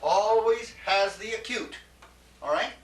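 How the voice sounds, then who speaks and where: A man teaching a Greek class, patient, repeating his questions and laughing gently. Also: sits high, a little slow. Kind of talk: classroom lecture. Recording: echoey classroom from far off, faint hiss.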